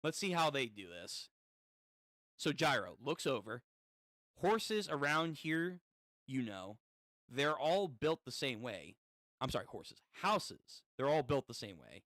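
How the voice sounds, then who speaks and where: A man's voice: medium pitch, sing-song, unhurried, fairly bright tone, dry recording, clean studio sound. A man casually reading a comic aloud and reacting as he goes, swearing often. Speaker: comic read-through host.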